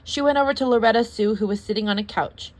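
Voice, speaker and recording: A young adult woman reading a children's story aloud as storyteller, in a lively, expressive way. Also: fairly high pitch, fast.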